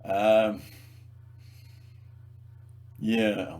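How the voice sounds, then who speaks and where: Slow, rambling sarcastic man. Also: medium pitch, lively intonation. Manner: sarcastic, mocking, laughs at own jokes; halting, repeats words and restarts. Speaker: video blogger. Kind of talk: rambling solo monologue.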